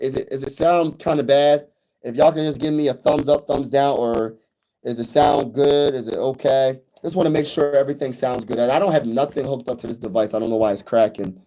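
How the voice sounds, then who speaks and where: A man chats excitedly on a fan livestream, his voice sitting a little high for a man. He repeats his points and calls out to viewers as y'all and bro. The phone he streams from has no mic plugged in, and the audio crackles on his louder notes. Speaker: sports livestream host. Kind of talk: casual fan livestream chat. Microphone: phone with no external mic.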